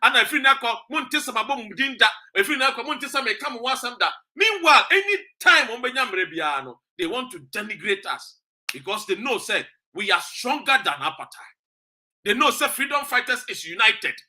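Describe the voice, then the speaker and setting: A man's voice: very high-pitched, sing-song, brisk, sharp tone. A Ghanaian man hosting a passionate political monologue, switching between English and Twi with preachy emphasis. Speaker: political commentator and show host.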